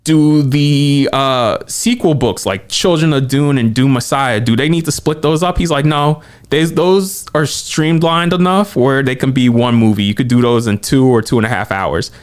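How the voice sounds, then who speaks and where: A man co-hosting a podcast, talking quickly and excitedly in casual movie chat and acting out quotes as he goes. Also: medium pitch, clear, resonant tone. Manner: excited, animated retelling with quoted asides. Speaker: podcast co-host.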